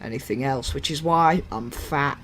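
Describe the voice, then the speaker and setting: A gaming YouTuber plays a train simulator while giving casual commentary in a mid-range, slightly bright voice at normal speed. He rambles, jokes and mocks himself, with faint game sounds and a little hiss or hum in the background.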